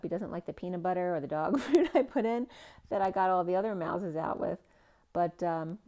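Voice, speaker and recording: Meandering woman tarot reader, lowish voice. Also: a little mellow. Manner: rambling, free-associating, with many fillers and trailing phrases. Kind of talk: spiritual tarot reading monologue.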